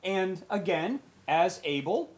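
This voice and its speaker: Man telling an animated story. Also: high voice, slow. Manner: animated, acts out quotes with raised voice. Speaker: panelist on a charity stream. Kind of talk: casual storytelling.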